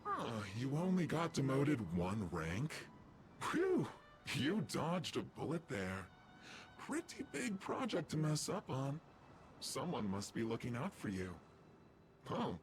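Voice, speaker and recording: A man's voice: mid-range voice, wildly swooping pitch, takes it slowly, soft background music. An actor playing a flippant young man talking through a voice changer in a game.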